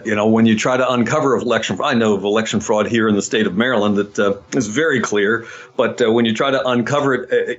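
A man's voice: on the low side, muffled recording. A man, a pastor hosting a political panel discussion, talking earnestly with frequent hesitations and fillers. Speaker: pastor and host.

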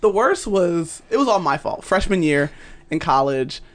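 A woman's voice: fairly low pitch, very animated, normal speed. A young adult woman, a podcast guest, telling a story in casual chat, laughing often and acting out the voices of people she quotes.

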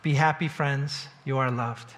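A man, a church pastor, delivering a sermon that includes a story read aloud, telling it steadily and growing quieter toward the close. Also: medium pitch, fairly even intonation, unhurried, slight background noise.

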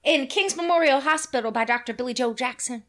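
Woman in her 40s telling a story, kinda high voice, does all the voices, swears casually. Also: fairly quick, fairly bright tone. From Kentucky, US.

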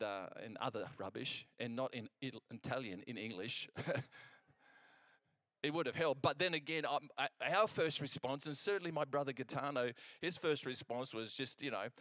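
Man, preacher, sermon, animated storytelling, conversational restarts, medium pitch, dry recording. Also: brisk, no room sound. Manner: animated storytelling, acting out quoted exchanges.

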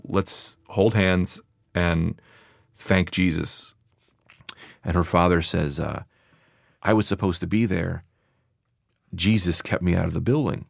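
A young man from New Jersey telling a personal story in a casual, conversational way, getting animated when he relives what he said. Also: sits low, gravelly, dry recording, clean studio sound. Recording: music underneath.

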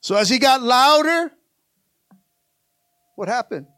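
High-voiced, rousing preacher man. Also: lively intonation, slow, sharp tone, dry recording. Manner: rousing, call-and-response, repeats lines for emphasis. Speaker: pastor. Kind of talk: sermon.

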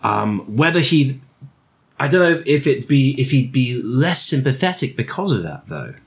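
A man's voice: medium pitch, sing-song, moderate pace. A man co-hosting a comedy podcast, bantering playfully and giggling. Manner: playful, giggly, slips into mock voices. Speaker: podcast co-host.

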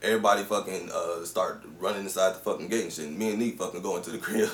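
A man co-hosting a podcast, telling a long story in a casual, slangy, animated way with lots of swearing. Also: low-pitched, quick pace. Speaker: podcast co-host. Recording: roomy, distant mic.

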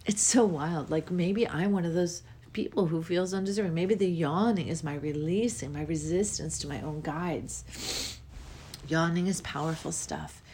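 A woman's voice: on the low side, normal speed, slight background noise. A middle-aged woman hosting a spiritual podcast, musing dreamily and yawning as she talks. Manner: dreamy, musing, with frequent yawns and soft trailing words. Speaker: podcast host.

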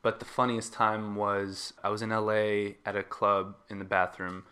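A man hosting a casual podcast chat, relaxed, laughing along and swapping stories with his guest. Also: on the low side, normal speed. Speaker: podcast host. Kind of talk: casual conversation.

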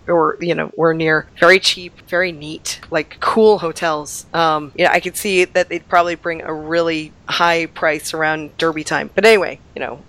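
A woman's voice: on the low side, fairly bright tone. A woman chatting casually, telling rambling travel stories with lots of fillers, still getting over an illness. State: recovering from illness. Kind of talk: casual chat.

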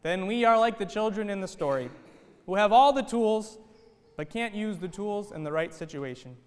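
A man's voice: high-pitched, lively intonation, normal speed, smooth. A man preaching an earnest sermon in a church as its priest, telling a story and repeating his point. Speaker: Orthodox priest. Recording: echoey church hall.

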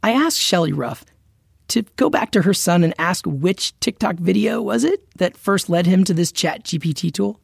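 A podcast host reading a scripted narration in a measured, explanatory way. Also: mid-range voice, animated, no room sound, clean studio sound. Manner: clear, measured explainer delivery.

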